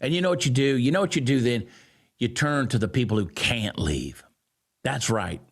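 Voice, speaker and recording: A man giving sarcastic, mocking political commentary, swinging from loud jeers down to low grumbles. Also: expressive, moderate pace. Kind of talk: ranting commentary.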